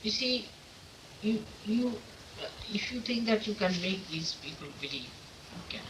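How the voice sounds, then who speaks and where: A woman with a mid-range, expressive voice speaks at a normal speed as a spiritual teacher giving an informal talk to followers in an ashram's meeting room. She is emphatic and poses many rhetorical questions. The old 1979 tape has a distant mic and faint hiss.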